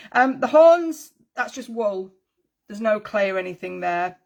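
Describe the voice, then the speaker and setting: A woman's voice: mid-range voice, expressive, moderate pace, vocal fry. A woman teaching a craft tutorial in a chatty, friendly way, with rambling asides and frequent ums. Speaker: needle felting teacher.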